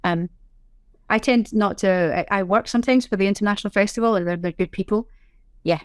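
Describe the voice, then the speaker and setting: A middle-aged woman with a Scottish accent talks freely in a podcast interview, spinning anecdotes with a wry, self-deprecating touch. Her voice sits at an ordinary pitch for a woman and comes through close and dry, with no room sound around it. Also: brisk, clean tone, no room sound. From Scotland. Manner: chatty, self-deprecating, animated storyteller. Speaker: guest, sign language interpreter. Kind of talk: casual interview chat.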